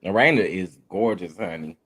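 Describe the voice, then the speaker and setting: A man co-hosting a casual reality TV review, chiming in with quick, short remarks. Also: deep voice, expressive, crowd noise. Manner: quick short agreeing interjections. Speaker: co-host. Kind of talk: casual chat.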